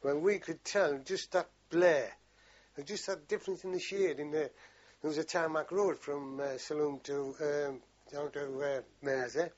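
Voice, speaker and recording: Older veteran, husky voice, a bit high, swears freely, rambling yarns on dull lo-fi tape. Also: male voice, fairly even intonation, unhurried. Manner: rambling, salty storytelling with frequent swearing. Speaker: veteran interviewee. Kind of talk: oral history interview.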